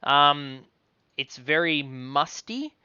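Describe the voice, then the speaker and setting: A man narrating a tabletop game as game master, relaxed and halting, with many fillers. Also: a little high, smooth, no echo, muffled recording.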